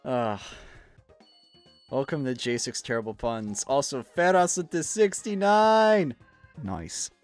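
A man's voice: medium pitch, lively intonation, slow, soft background music. A young adult man streaming, chatting casually while gaming, rambling with lots of fillers and swearing freely.

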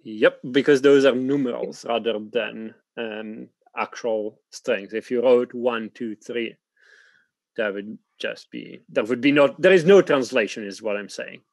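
A software developer in a working meeting, patiently explaining technical points and readily agreeing. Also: male voice, medium pitch, measured pace, creaky, no echo.

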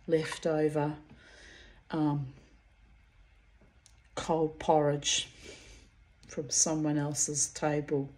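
Sitting low in pitch and warm in tone, this middle-aged woman reads oracle cards in a casual, personal way. She rambles sincerely, says words over again, and calls the people listening darlings and babies.

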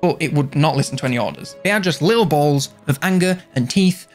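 A man's voice: on the high side, expressive, fairly quick, darkish tone, faint music behind. A man giving casual, jokey video game commentary, rambling and correcting himself along the way.

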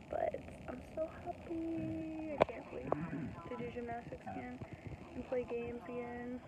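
A woman's voice: high voice, heavy background noise. A female vlogger in casual, chatty talk, giggling often and restarting her sentences. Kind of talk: casual vlog chat.

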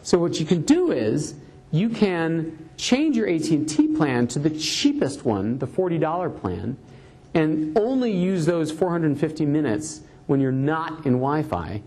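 A middle-aged man gives a live tech talk to a room, rambling in a chatty, storytelling way. He stops often on fillers and restarts, and his voice sits a little higher than most men's. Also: very animated, measured pace, a little mellow, breathy edge. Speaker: tech columnist giving a talk.

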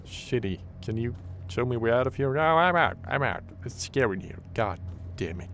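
A man giving horror game let's play commentary, excitable and jokey, swearing often. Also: mid-range voice, normal speed, slight background noise. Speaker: gaming channel host.

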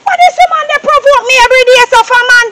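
A woman's voice: very high-pitched, rapid-fire, background noise. A woman with a Jamaican accent playing a lazy, sulky young woman who rants and complains in patois. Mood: grumbling. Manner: whiny complaining rant in patois.

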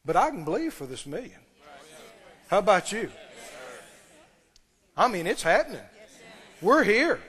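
A man's voice: high-pitched, sing-song, unhurried, pauses often, fairly bright tone, in a large hall. A man preaching a sermon, emphatic, repeating key phrases and putting questions to the congregation. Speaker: pastor.

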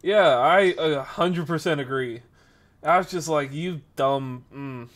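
A man's voice: on the high side, measured pace. Brief: young male streamer, chatty storyteller, does voices for the people in his anecdotes. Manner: animated, acts out quoted people. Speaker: streamer and podcast host. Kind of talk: casual storytelling chat.

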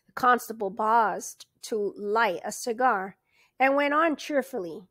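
A woman reads a children's novel aloud at an unhurried pace. Her fairly high voice moves up and down expressively. It is recorded close and dry. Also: no room sound. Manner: slow, expressive storytelling. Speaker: storybook reader.

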